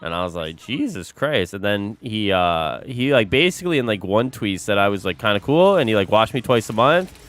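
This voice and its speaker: Young dude streaming, kinda low voice but really lively, swears constantly, bro every other word. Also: male voice, moderate pace. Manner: animated, swears a lot, says bro constantly. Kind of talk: casual chat with a live stream audience.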